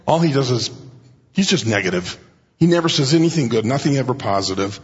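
A man preaches a sermon in a husky voice, talking conversationally and often pausing to clear his throat. He lifts his pitch to play the people he quotes. The sound is dull and carries a long reverb from a large hall. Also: animated. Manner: conversational, acts out quoted speakers with raised pitch; frequent throat clearing and restarts.

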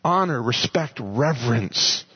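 A man's voice: medium pitch, lively intonation, a little slow, husky. A man teaching a sermon earnestly, often repeating words as he finds his thought. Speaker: Bible teacher. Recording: muffled lo-fi recording.

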